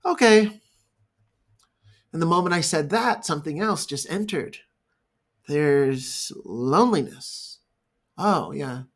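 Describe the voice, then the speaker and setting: A male therapist speaking in a reflective, halting monologue, improvising as he goes. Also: on the high side, lively intonation, a bit bright. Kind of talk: unscripted talking-head monologue.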